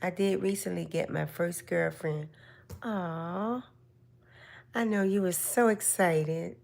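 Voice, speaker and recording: Older woman, live stream host; unhurried, lowish, gentle and motherly. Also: creaky. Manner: slow, gentle, motherly advice. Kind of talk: casual live stream chat.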